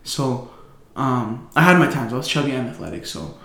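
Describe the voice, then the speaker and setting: A man's voice: mid-range voice, big pitch swings, normal speed, creaky, fairly bright tone. A young man telling a story in casual chat, loose and full of slang, swearing and fillers. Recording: echoey room.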